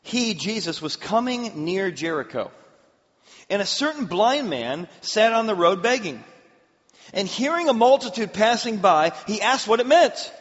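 A male pastor preaching a sermon, telling a story with acted-out quotes and an animated delivery. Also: sits high, measured pace. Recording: echoey hall, slightly dull.

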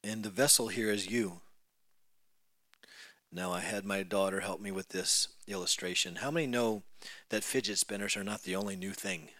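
A man preaching a sermon in a church, telling a story with lively acted-out voices that rise to loud peaks. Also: low voice, moderate pace, no room sound.

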